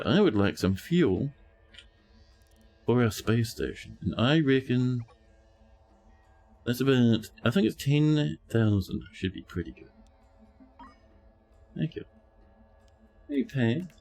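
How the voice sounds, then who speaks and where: Playful, animated male game streamer. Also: medium pitch, slow pace, pauses often, soft background music. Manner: playful, chatty, talks to game characters. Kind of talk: live gameplay commentary.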